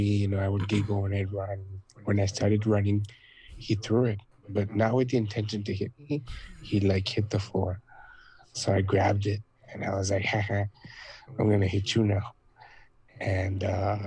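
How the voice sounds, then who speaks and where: Low, flat-voiced young man telling a story. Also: low-quality recording. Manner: relaxed, laughing anecdote telling. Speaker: podcast guest. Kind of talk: casual chat.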